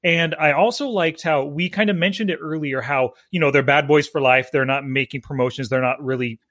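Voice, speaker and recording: A man's voice: a little high, brisk, a bit bright, no echo, clean studio sound. A man casually discussing a film as co-host, easygoing and thoughtful, with fillers here and there. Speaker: movie review co-host. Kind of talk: casual movie review chat.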